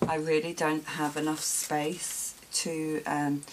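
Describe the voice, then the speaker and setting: A woman hosting a real-time craft tutorial, talking quietly to herself as she works. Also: low voice, little pitch movement, a little hiss or hum. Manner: unhurried, talks while working, quiet asides.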